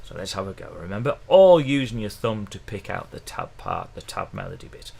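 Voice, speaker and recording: A man's voice: fairly low pitch, huge pitch swings, normal speed, vocal fry, hardly any pauses, loud music behind the voice. A middle-aged man, teaching ukulele in a chatty, encouraging livestream lesson, counting in the beats. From England. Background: faint ukulele playing.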